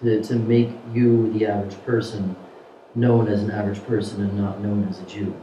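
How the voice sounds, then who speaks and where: A man interviewing casually, halting and restarting his questions. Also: fairly low pitch, flat delivery, warm tone, recorded from a distance, a little hiss or hum. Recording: dull, echoey, from off-mic.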